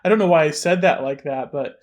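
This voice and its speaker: An earnest woman traveler who coaxes and rambles, trailing off mid-sentence, as a man puts her on for a tabletop game. The voice sits a little high. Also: fast, close to an everyday voice. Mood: coaxing. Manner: coaxing, rambling, self-interrupting. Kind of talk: tabletop game role-play.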